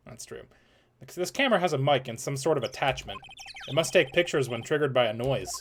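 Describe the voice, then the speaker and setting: A man's voice: medium pitch, animated, brisk, noisy background. A man casually reading a game's dialogue aloud and joking with a co-host on a stream. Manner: reads lines and jokes with a co-host. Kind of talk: casual let's-play reading and chat.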